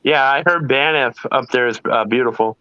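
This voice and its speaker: A talkative man jokes his way through a casual livestream chat. His voice is bright and smooth. The mic is dry and a little dull. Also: medium pitch, moderate pace, no echo. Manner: joking, talkative. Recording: dry, slightly muffled mic.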